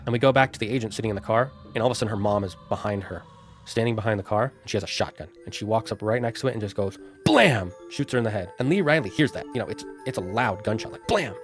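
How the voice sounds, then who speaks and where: A man giving an unscripted, rambling and animated retelling of a horror film. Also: lowish voice, rapid-fire, faint music behind. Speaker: streamer.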